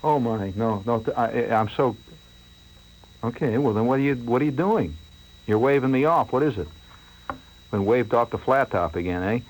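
A man hosting a late-night radio show, telling a rambling, self-mocking story in a theatrical way that swings from hushed to excited. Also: medium pitch, normal speed, long pauses, poor audio. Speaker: radio host.

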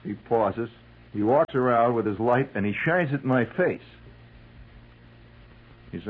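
A man telling a comic, wry story about army life, acting out the shouted calls. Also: medium pitch, very animated, moderate pace, husky, rough recording.

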